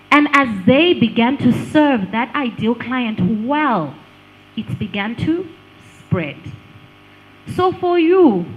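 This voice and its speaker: Lively woman giving a workshop talk. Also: on the high side, rough recording. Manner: lively, engaging, asks the room questions, laughs often. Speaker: speaker on digital branding. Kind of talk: live workshop talk to an audience.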